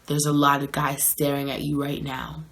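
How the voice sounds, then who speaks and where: A pushy, clingy young soldier, quoted by a woman in her storytime. The voice is low and bright, delivered plainly, as part of the story rather than acted out. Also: completely flat delivery, moderate pace. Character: persistent, clingy young military man.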